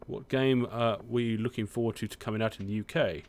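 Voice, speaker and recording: A man's voice: fairly low pitch, steady tone, fairly quick, a little mellow, slight background noise. A young British man from the UK, chatting casually while he plays a farming game, swearing often and humming to himself. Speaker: gaming streamer. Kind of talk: casual let's-play commentary.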